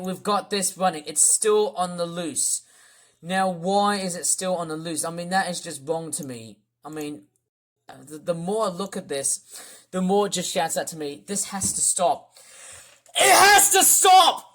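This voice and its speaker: A YouTuber doing reaction commentary, ranting with name-calling and swinging between loud shouting and low muttering. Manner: name-calling, repeats catchphrases. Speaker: YouTuber reacting to a live stream.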